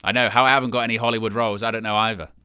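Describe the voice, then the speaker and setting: A young man hosting a live fan commentary of a match, talking casually and jumping from quiet asides to loud excited shouts. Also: lowish voice, very fast, smooth, dry recording, clean studio sound. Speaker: fan watch-along host.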